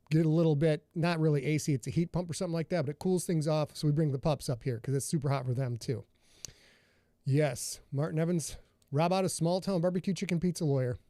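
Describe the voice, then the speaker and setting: A man's voice: on the high side, warm tone, no room sound, studio quality. Chatty man greeting his livestream viewers. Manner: rambling, greets viewers by name. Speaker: podcast host and author. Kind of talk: casual livestream chat. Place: home studio.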